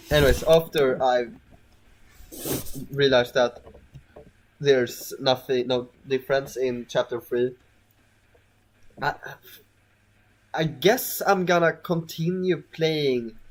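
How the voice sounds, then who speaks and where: A man's voice: mid-range voice, slow, pauses often. A man giving casual let's-play commentary, rambling and hesitant with frequent stammers and restarts. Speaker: gameplay commentator.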